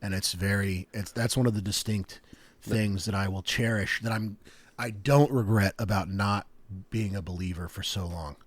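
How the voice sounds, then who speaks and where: A young adult man on a podcast, telling stories in a rambling, animated way with lots of fillers. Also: fairly low pitch, normal speed, no echo. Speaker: podcast co-host. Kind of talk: casual chat.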